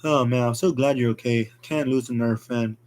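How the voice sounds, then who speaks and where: A man voicing a shy young woman survivor who speaks softly and apologetically. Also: medium pitch, a little fast, close to an everyday voice. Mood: apologetic. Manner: soft, apologetic.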